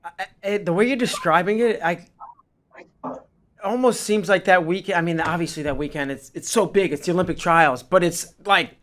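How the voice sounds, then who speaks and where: Casting note: male interview host, a bit higher-pitched, loose rambling questions. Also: moderate pace, fairly bright tone. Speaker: show host.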